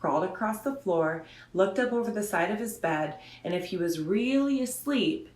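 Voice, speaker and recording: A woman's voice: mid-range voice, expressive, darkish tone. A woman radio host at home in her son's bedroom, chatting casually and then reading a children's picture book aloud in a rambling, friendly way. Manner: chatty and rambling, slows down to read. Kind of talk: chatty storybook read-aloud. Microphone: phone or camera set up in front of her. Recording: roomy bedroom sound.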